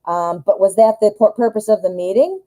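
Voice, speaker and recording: A married adult woman from the United States hosts a live-stream tarot reading, rambling and thinking aloud with many fillers. She drifts into tangents and pokes fun at herself. Her voice is medium-pitched, warm, and a little fast, on a rough recording.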